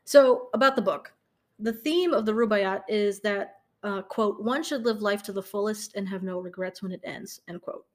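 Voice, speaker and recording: A young woman tells a true-crime case in a loose, conversational way. She giggles between sentences, trips over her words and doubles back to fix them, filling gaps with um and like. Her pitch sits at an ordinary middle for a woman. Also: normal speed, a little mellow. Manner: giggly, stumbles and corrects herself, many ums. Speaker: podcast co-host. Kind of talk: casual true-crime storytelling.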